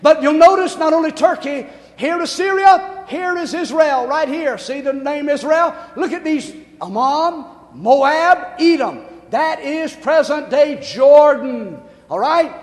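A male pastor preaching a sermon, talking fast, calling for amens and rising to shouts. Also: very high voice, animated, big-room sound. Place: church sanctuary.

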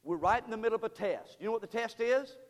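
Preacher man, middle-aged, goes quiet then shouts, high pitch, long church echo. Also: animated, fast. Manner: swings from hushed to shouting, fervent. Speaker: pastor. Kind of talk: sermon. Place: church sanctuary. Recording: long reverb of a church hall.

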